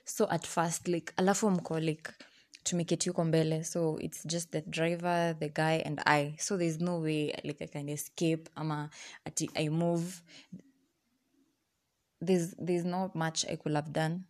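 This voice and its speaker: A young Kenyan woman with a notably low voice recounts a personal story to her viewers. She tells it casually and with exasperation, moving between English and Swahili slang. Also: little pitch movement, measured pace, darkish tone.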